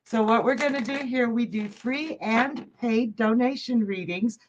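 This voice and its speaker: A woman's voice: on the high side, measured pace, muffled recording. A woman hosting a live psychic stream, chatting bubbly with viewers and laughing often. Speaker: psychic hostess. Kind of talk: live-stream chat reading viewer comments.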